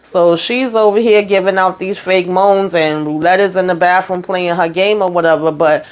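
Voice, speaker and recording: Animated woman recapping a TV episode. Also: fairly low pitch, normal speed, clear, resonant tone. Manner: animated storytelling, acts out characters' quotes, frequent fillers. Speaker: TV recap host.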